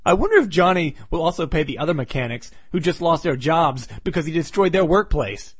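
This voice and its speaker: A man with a fairly high voice reviews an old comic, recapping the plot dryly and dropping sarcastic jabs along the way. The sound is dead dry and close. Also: very animated, fairly quick, breathy edge, dry recording. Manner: wry, sarcastic asides.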